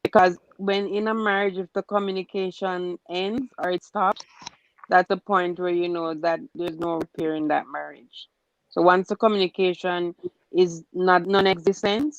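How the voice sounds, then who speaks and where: A woman with a low, gravelly voice offers casual advice, pausing and thinking aloud between thoughts. The sound is dry and close, with the muffled, lo-fi quality of a video call. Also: steady tone, dry recording. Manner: halting, thinks aloud with fillers. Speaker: panel guest.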